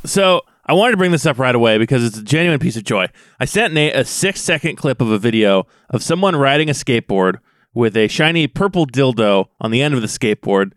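Dry, quick-joking male podcast host. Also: medium pitch, lively intonation, a bit bright, no room sound. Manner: laughs often, quick joking storyteller. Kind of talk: casual podcast chat.

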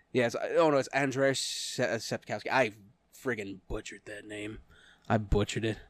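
A man with a lowish, fairly even voice co-hosts a live podcast, chatting loosely in a casual live-stream style and laughing often. He speaks unhurriedly, and there's no echo.

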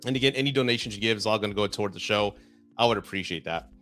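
A man's voice: fairly low pitch, racing, fairly bright tone, soft background music. A man with a Southern Texan accent hosting a live-streamed talk show, chatting loosely, swearing casually and reading viewer comments aloud. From South Texas, USA. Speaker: divorce podcast host.

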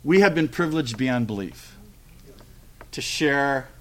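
A middle-aged man preaching a sermon, telling a story with lively acted-out dialogue. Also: mid-range voice, unhurried, slight background noise.

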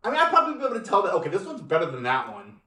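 Man, podcast host, casual chat, jokey, swears, lively pitch, echoey room. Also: rapid-fire.

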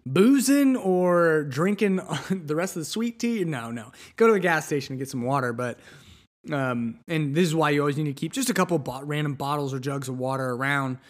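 Male solo podcast host, young adult, slightly high voice, loose rambling delivery. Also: normal speed. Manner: rambling, conversational, many restarts and fillers.

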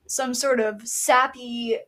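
A woman's voice: a little high, fairly even intonation, slow, sharp tone, low-quality recording. A woman recapping a story in casual chat, rambling with fillers and restarts. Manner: chatty, lots of "like" and restarts. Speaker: co-host recapping a book.

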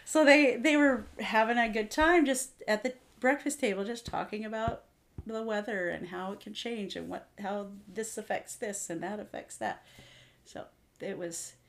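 A woman in her forties, chatting with an easy, mid-pitched voice. She tells family stories with animated swings up into her children's voices, keeping a relaxed co-host flow. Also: moderate pace, slight background noise. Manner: animated storyteller, acts out her kids' voices. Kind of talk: casual chat.

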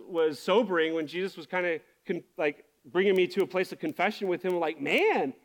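Male pastor, high voice, candid and passionate sermon delivery.

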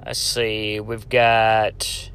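A man's voice: lowish voice, completely flat delivery, extremely slow, fairly bright tone, clean tone. A man from Tennessee, hosting a casual solo podcast in a rambling, joking way and talking straight to the listener. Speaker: podcast host.

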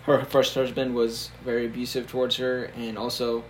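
A young man retells a historical scandal in loose, casual podcast talk, laughing often and padding with fillers. His pitch sits mid-range. A faint hiss runs under the recording. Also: completely flat delivery, normal speed. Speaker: podcast co-host telling a history story.

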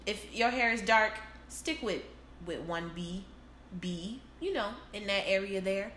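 A woman's voice: mid-range voice, a little slow, a bit bright. A woman chatting casually and giving friendly advice, laughing often. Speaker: co-host. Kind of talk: casual chat. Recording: echoey room with faint noise.

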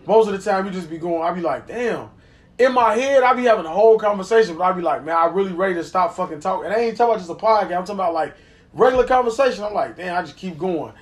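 A man with a noticeably high voice talks casually on a podcast. He rambles in long stretches and pokes fun at his own habits. Profanity slips in easily as he goes. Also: expressive, very fast. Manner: rambling, self-deprecating, profane. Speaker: podcast co-host.

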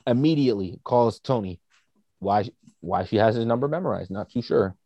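A man's voice: fairly low pitch, animated, normal speed, mellow, dry recording, dull audio. A man casually chatting as a podcast co-host, rambling with lots of fillers. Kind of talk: casual chat.

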